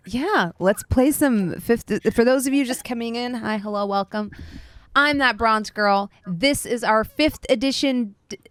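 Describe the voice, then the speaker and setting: A woman's voice: on the high side, dry recording. Woman game master, upper-mid voice, upbeat, close dry mic. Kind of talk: running a tabletop game stream.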